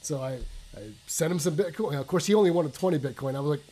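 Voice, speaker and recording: A man co-hosts a casual chat from his home basement, telling stories animatedly with casual swearing and lots of restarts. He talks fast in a slightly high voice, the audio is poor, and a water softener hums faintly in the background.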